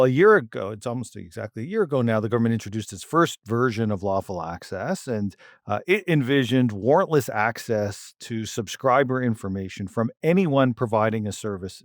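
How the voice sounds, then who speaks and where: A man, a law professor, explaining a policy issue in a podcast interview, measured with emphatic stresses. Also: medium pitch, no room sound, studio quality.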